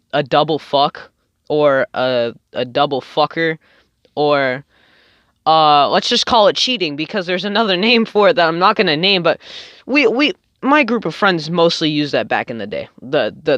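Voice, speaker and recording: A man's voice: sits high, fairly bright tone, clear, resonant tone, no echo. Rambling young man telling a story. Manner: rambling, filler-heavy, swears often. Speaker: storytime vlogger. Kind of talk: casual storytelling. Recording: dull lo-fi dry sound.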